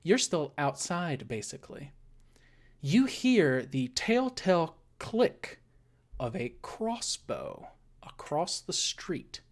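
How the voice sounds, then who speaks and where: A woman running a tabletop game as dungeon master, setting scenes in slow descriptive narration. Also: low-pitched, very animated.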